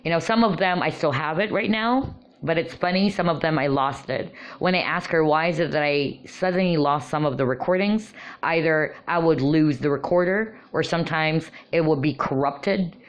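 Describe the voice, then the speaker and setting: Low-voiced woman telling a personal story. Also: moderate pace, hardly any pauses. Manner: animated, many fillers like "you know" and "um". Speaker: vlogger sharing personal experiences.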